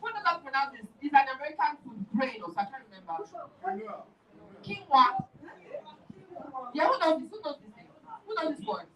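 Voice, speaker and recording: A woman's voice: sits high, sing-song, very fast, fairly bright tone, far from the mic, poor audio. A woman teaching pronunciation to a class, correcting and repeating words one by one. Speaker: diction teacher.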